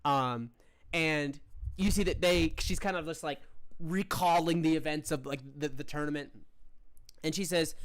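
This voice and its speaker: A woman's voice: sits low, unhurried, dry recording. A woman narrating a tabletop game as game master, rambling with many fillers.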